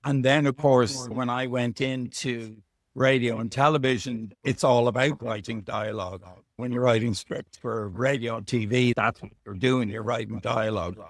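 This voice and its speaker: Irish man telling relaxed anecdotes. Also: mid-range voice, moderate pace, no echo, clean studio sound. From Ireland. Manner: chatty, anecdotal, self-deprecating. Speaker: author guest. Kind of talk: relaxed storytelling interview. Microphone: video call.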